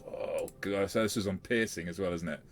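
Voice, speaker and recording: A man's voice: low voice, fairly quick. A man running a tabletop game as game master, talking things through with frequent fillers. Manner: hesitant, with fillers and restarts.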